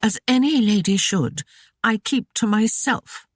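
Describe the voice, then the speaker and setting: A reader voicing a scornful noblewoman with a rasping temper, snarling and railing at the men around her in a historical romance audiobook. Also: mid-range voice, animated, unhurried, no echo, studio quality, voice pushed up. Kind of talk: audiobook character voice.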